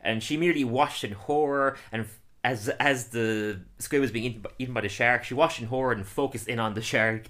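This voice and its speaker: A man casually recapping a cartoon episode, telling it with energy and laughing often as he slips into quick silly voices. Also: mid-range voice, fairly bright tone. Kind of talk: casual chat.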